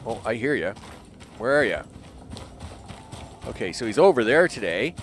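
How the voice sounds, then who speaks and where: A man's voice: medium pitch, big pitch swings, normal speed. A man casually commenting on his live gameplay, chatting to the animals in the game and grumbling at his bad luck. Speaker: game streamer. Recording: noisy game sound behind voice. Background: game ambience and vehicle sounds.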